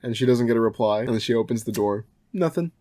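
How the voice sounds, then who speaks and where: A young man tells a story on a comedy podcast in a loose, casual way, and now and then he acts out the people in it. His voice sits at a middle pitch, and the recording is close and dry, with no room sound. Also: quick pace, dark tone, no echo. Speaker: podcast co-host.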